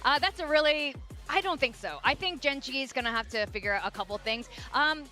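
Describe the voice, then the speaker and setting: Bright high-voiced female esports host. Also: animated, fairly quick, faint music behind. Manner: upbeat presenter, leads segments. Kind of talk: broadcast analysis desk.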